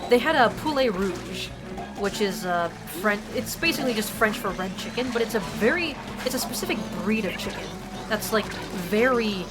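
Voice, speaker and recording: A woman's voice: mid-range voice, animated, moderate pace. A young woman streaming a game, chatting casually in a rambling, profane way full of fillers. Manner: rambling and profane, heavy use of "like". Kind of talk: casual chat while gaming. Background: game music.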